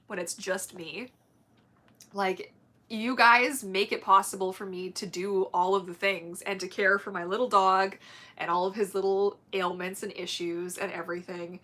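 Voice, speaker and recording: A woman whose first language is German, hosting a casual livestream, chatting warmly with viewers, gushing and laughing often. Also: medium pitch. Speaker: livestream host.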